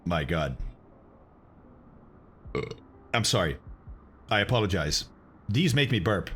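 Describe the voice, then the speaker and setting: Husky, lively-voiced man streaming casually. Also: sits low, slow pace. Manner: chatty, thanks viewers and reacts aloud to chat; groaning and exclaiming over bad-tasting candy. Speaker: flight simulator streamer. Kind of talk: casual live-stream chat.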